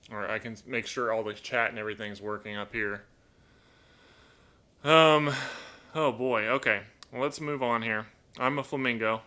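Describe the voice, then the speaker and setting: At home indoors, a man hosts a casual live stream, rambling as he reads viewer comments aloud and speaks softly to his pet bird, a toucan. His voice is mid-range and his speed normal.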